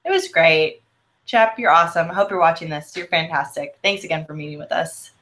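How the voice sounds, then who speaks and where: A woman's voice: sits low, animated, a little fast, a bit bright. A woman co-hosting a casual chat, bubbly and chatty, laughing often, with a slight American Southern drawl. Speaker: co-host.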